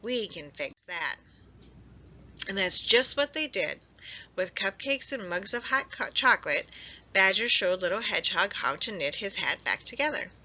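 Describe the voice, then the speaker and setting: A woman librarian reading a storybook aloud at story time, expressive and lively. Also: mid-range voice, normal speed. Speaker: children's librarian. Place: public library. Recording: dull lo-fi recording.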